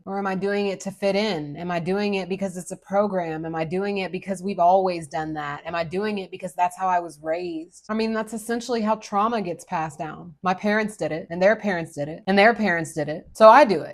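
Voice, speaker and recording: A woman host giving earnest, repetitive reflective commentary, swearing casually. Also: lowish voice. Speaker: video host.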